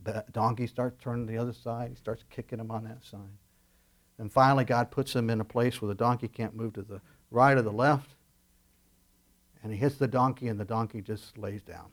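Animated male pastor preaching. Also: medium pitch, normal speed, long pauses. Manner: animated preaching, swings from loud emphasis to quiet asides. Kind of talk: sermon.

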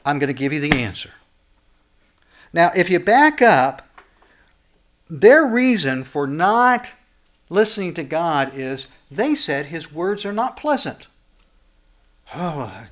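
A pastor delivers a sermon in a church sanctuary, his voice a little high and his manner animated. He takes his time with long pauses, asking rhetorical questions and repeating short phrases for emphasis.

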